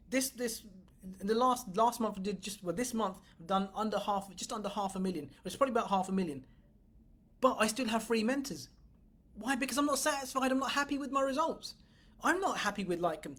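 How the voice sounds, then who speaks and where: A woman's voice: mid-range voice, husky. A woman business coach giving a motivational livestream talk, blunt and emphatic, swearing freely and speaking straight to her viewers. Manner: blunt and profane, emphatic, addresses viewers directly.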